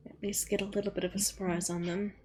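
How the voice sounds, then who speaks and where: A woman's voice: mid-range voice, level tone, fast talker, background noise. A woman playing in a tabletop game, talking casually and laughing often. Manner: laughing, playful. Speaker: player.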